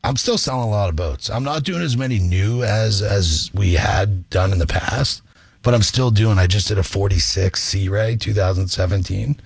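A man's voice: lowish voice, moderate pace, no room sound. A man from New Hampshire, a guest on a radio talk show, easygoing and joking. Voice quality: gravelly, husky. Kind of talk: casual interview chat. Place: radio studio. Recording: dry studio sound.

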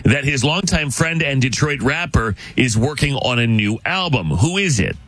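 Upbeat man running a radio quiz segment, animated delivery over background music. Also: medium pitch, moderate pace. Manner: jokey, encouraging, laughs a lot. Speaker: radio show host. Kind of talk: morning radio quiz banter.

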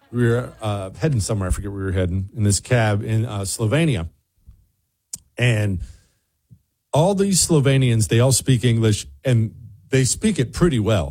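A man hosting a show, telling a lively anecdote in casual chat and acting out the people in it. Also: medium pitch, husky. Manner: animated anecdote telling, voices other people in quotes. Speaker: radio show host.

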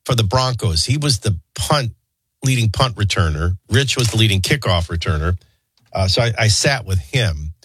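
A man hosting a talk show, rambling through childhood anecdotes and a quick sports rundown. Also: fairly low pitch, animated, fairly bright tone, slight background noise. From New Orleans area. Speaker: talk radio host. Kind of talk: casual storytelling and sports rundown.

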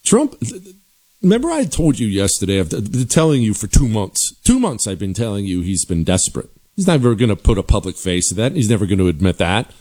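A man hosting a political commentary show, talking forcefully and sarcastically with emphatic repetition. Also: on the low side, sing-song, brisk.

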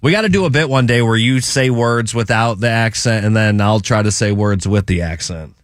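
A man's voice: fairly low pitch, moderate pace, no room sound. Teasing radio host man, dry studio. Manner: teasing, animated, stumbles over words. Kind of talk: casual studio banter.

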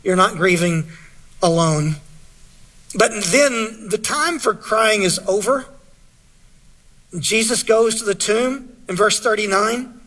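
Husky bright-voiced preacher man. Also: sits high, unhurried. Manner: earnest, asks the audience questions, reads scripture aloud. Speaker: pastor. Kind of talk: sermon.

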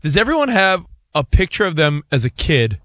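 A male sports radio co-host with a somewhat high, lively voice that rises and falls a lot. He teases his partner and drifts into stories. The studio mic gives a dry, close sound with faint music in the background. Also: brisk, dry recording. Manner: teasing, needling, storytelling. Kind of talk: casual sports radio banter. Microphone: studio microphone.

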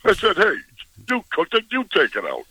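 A caller doing a brash wisecracking old comic. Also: male voice, high-pitched, wildly swooping pitch, pushed and bright, slightly rough, no room sound, full character voice. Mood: mock-indignant. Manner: rapid-fire one-liners, mock-indignant. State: has a bad cold. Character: brash wisecracking older male stand-up comic.

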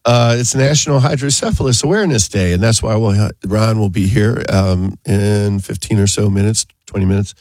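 A man's voice: fairly low pitch, brisk, hardly any pauses, a little mellow, dry recording. A man hosting a talk show, chatting casually, rambling and laughing often. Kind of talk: casual on-air chat.

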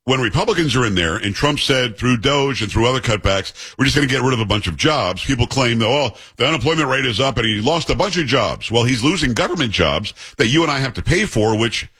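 Blunt man with a husky voice. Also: mid-range voice, lively intonation, fast, hardly any pauses, bright, forceful tone. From New York. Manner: blunt, sarcastic, conversational. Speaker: host. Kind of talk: political commentary.

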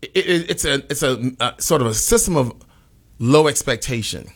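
A man's voice: mid-range voice, animated, moderate pace, slightly rough. A man talking casually on a radio talk show, opinionated and rambling with frequent restarts.

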